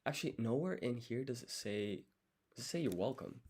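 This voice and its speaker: A man thinking aloud through a language study session, sounding out foreign words slowly syllable by syllable and muttering self-corrections. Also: mid-range voice, expressive, a little mellow, breathy edge. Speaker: language learner streaming his study.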